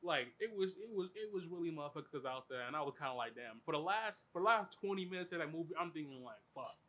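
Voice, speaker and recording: Man, podcast host, bright voice, fairly high, animated, swears a lot. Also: quick pace, highs cut off. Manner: animated, profane, filler-heavy. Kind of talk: casual storytelling chat.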